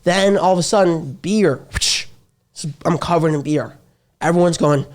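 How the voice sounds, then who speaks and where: Higher-voiced man telling crude stories. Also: normal speed. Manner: brash, crude storytelling with acted-out quotes. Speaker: comedian guest. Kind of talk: casual podcast chat.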